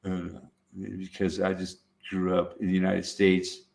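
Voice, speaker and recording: A man's voice: sits low, monotone, measured pace, creaky, a little mellow. An easygoing man from Southern California talks off the cuff on his YouTube channel. He speaks bluntly, swears without a second thought and laughs easily. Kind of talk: casual chat.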